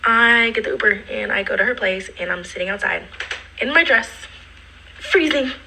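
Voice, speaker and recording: A woman's voice: fairly high pitch, normal speed, vocal fry, slight background noise, poor audio. A young woman casually retelling a personal story, acting out the quotes and dropping into whispered asides. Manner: animated, acts out quotes, drops to whispered asides.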